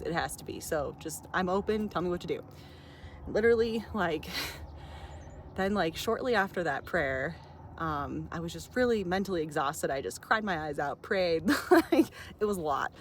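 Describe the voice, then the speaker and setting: A woman's voice: fairly low pitch, slight background noise. A woman vlogger telling a personal story outdoors in a chatty way, full of fillers, frequent laughs and swearing.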